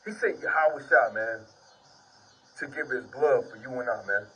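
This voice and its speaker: A man's voice: medium pitch, normal speed, pushed and bright, recorded from a distance, a little hiss or hum, low-quality recording. A man giving an informal sermon and testimony, reading scripture and preaching earnestly, repeating "man" often while sitting on the ground. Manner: earnest, repetitive, peppers speech with "man".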